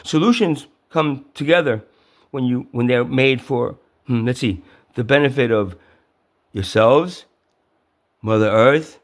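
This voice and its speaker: A man delivering a profane ranting monologue, stammering over repeated words and yelling at times. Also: medium pitch, unhurried, long pauses. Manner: stammering repetitions, heavy swearing, yelling.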